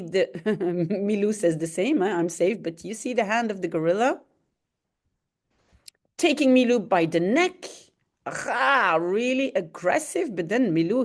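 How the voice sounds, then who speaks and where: A Belgian woman whose first language is Dutch teaches by reading a comic aloud and translating it slowly. She is animated, explaining at an unhurried pace and adding sound effects like roars and booms.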